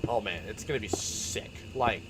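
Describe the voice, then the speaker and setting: A young man chatting casually on his stream, rambling and excitable, often laughing and restarting his sentences. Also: fairly low pitch, normal speed, heavy background noise. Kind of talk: casual chat while building in a game stream.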